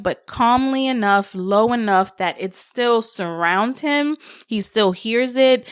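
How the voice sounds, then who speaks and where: A young woman hosts her own podcast, talking casually and earnestly about parenting. Her voice is smooth and clear, recorded close and dry with no room sound. She grows animated when recounting stories. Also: mid-range voice, no room sound. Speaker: podcast host. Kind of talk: casual solo podcast talk.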